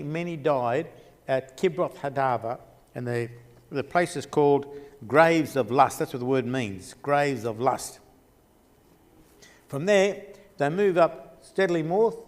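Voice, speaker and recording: Aussie guy teaching bible geography, kinda high voice, lots of restarts, echoey church hall. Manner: rambling, restarts often, pointing at a map.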